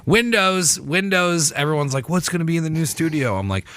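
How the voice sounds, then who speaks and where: A man's voice: a little high, animated, a bit bright, no room sound. A man hosting a casual podcast from a basement studio, chatting and laughing easily. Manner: laughs easily, quick back-channel yeahs. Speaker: podcast host. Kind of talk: casual chat.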